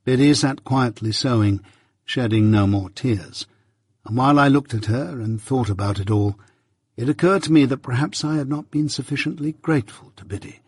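Husky-voiced man reading a classic novel. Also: medium pitch, no room sound, studio quality. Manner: measured and reflective. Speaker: audiobook narrator. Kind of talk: scripted first-person narration of a classic novel.

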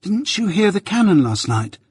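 Using a full character voice pitched above his own, a man plays a timid, hesitant young boy. The voice is high, husky, and darkish with wide pitch swings at normal speed, captured in a clean studio with no room sound.

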